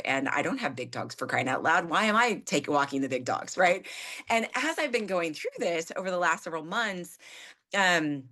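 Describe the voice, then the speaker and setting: Appearing as a guest on a conversational show, this woman in her fifties, a therapist and coach, talks candidly with a lowish voice. She is self-deprecating and animated, launching into exasperated quotes of herself while telling the story.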